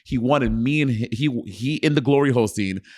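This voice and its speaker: A man's voice: mid-range voice, a little fast, natural voice. A man playing a brash, crude actor in an improvised interview bit, boastful and outrageous.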